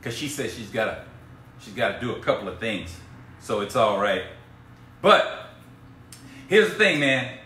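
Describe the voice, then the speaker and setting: Animated, playful male coach in an echoey room. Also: mid-range voice, measured pace, pauses often, a little hiss or hum. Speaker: business coach. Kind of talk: casual live-stream chat. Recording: echoey room with faint ambience.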